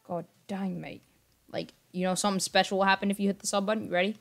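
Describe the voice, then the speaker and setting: A man's voice: high-pitched, flat delivery, fast, vocal fry. A young man livestreaming a game, chatting with viewers in a rambling, distracted way and often apologizing, sometimes keeping his voice down. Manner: talks quietly at times to keep noise down. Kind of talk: casual gaming livestream chat.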